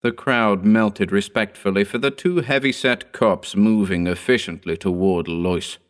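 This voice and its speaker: A man narrating a horror story as an audiobook, measured and slowing for grim details. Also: fairly low pitch.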